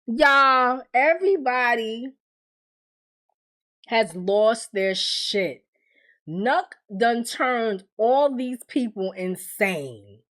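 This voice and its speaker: Woman doing a show recap, kinda high voice, swoops up and down a lot, slow and emphatic, swears and talks right at viewers. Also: expressive, a bit bright. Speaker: TV episode recap host. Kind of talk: casual spoken recap to viewers.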